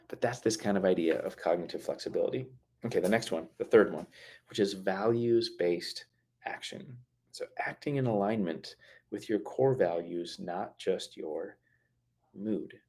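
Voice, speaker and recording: A fairly low-voiced man hosts a live stream about mental health. He talks in a loose, conversational way, full of fillers and restarts, and he slows right down to lean on key words. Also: a little mellow. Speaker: mental health talk host.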